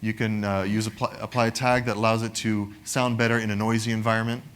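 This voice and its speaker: A man's voice: on the low side, little pitch movement, quick pace, fairly bright tone, clear, resonant tone. A man giving a conversational technical product presentation, often adding "right?" to his points. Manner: conversational, frequent "right?" tag questions.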